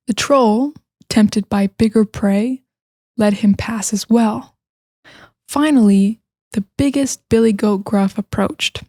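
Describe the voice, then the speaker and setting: An American woman, a native English speaker and teacher, tells fairy tales to learners in a casual, chatty way packed with fillers, sometimes dropping to a whisper. Her mid-range voice is mellow and unhurried, recorded in studio quality with no echo.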